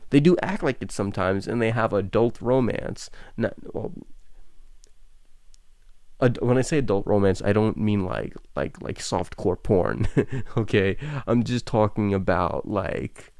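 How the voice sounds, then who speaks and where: A man's voice: lowish voice, animated, unhurried, a little mellow, no room sound. A young man hosting an anime reaction, talking casually in long rambling thoughts that stammer and restart often.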